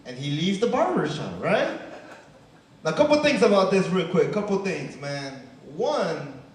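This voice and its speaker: This young stand-up from Chicago talks a little slowly in a high voice with big swings in pitch. On a comedy club stage, he delivers a casual set peppered with "man" and "right?", captured as an echoey, far-off recording.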